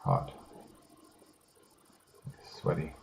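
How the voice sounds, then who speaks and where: A man's voice: very slow, slight background noise. A man casually talking through a game he is playing, muttering and swearing to himself. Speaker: gamer. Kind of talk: casual gameplay commentary.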